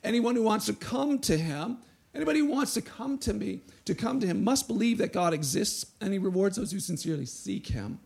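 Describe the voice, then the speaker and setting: A man preaching a sermon to a church, reading scripture and acting out quotes with a rising, animated voice. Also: high voice, a little fast, vocal fry, breathy edge. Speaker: pastor.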